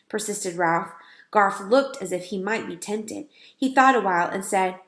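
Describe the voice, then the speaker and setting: A woman narrating a children's book aloud in a clear storytelling manner. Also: medium pitch, normal speed. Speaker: reader. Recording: roomy echo.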